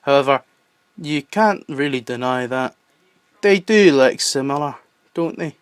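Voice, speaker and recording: A young man with a Southern English accent hosting a countdown video, with playful, excitable asides. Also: medium pitch, unhurried, clean tone, no echo. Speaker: YouTube host. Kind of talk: enthusiastic list-video narration.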